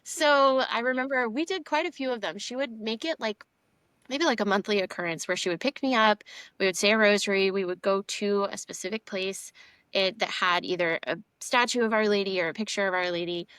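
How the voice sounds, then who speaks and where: A young woman from Houston talks through a personal story in a relaxed, chatty way. Her voice is middle-pitched and sits close to the mic in a dry space. She strings her thoughts together with many fillers. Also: fairly quick, clear, resonant tone, no echo. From Houston, Texas. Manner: animated storytelling with frequent fillers. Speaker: podcast guest. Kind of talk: casual conversational testimony.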